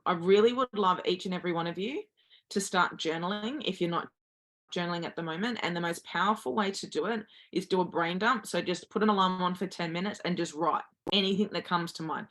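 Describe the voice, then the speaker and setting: A woman in her thirties talks as a mindset coach, her voice sitting a little low. She is earnest and encouraging. Now and then she acts out the voices inside someone's head. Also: fairly bright tone. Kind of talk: motivational talk.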